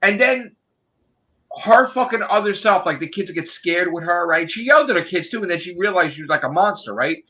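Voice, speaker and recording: A man's voice: sits high, animated, fairly quick. A man casually discussing a movie on a podcast in a ranting, profane and emphatic way. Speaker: podcast host. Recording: dull lo-fi sound.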